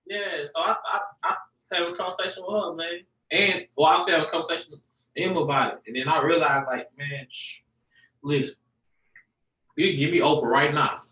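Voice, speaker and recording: A father and guest on a podcast, telling stories in an animated, casual way and acting out what people said. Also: a little high, brisk, far from the mic. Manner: animated, storytelling, acts out quotes. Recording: dull, echoey, from off-mic.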